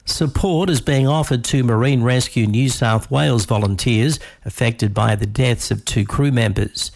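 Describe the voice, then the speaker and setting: A man reading a radio news bulletin in a measured, formal manner. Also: medium pitch, vocal fry, darkish tone. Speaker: newsreader.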